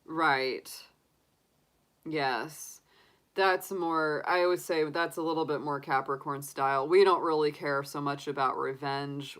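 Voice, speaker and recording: Low-voiced chatty woman, laughing often. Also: fairly bright tone. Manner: chatty, laughs often, talks through her own reactions. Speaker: tarot reader answering live chat. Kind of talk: casual livestream chat.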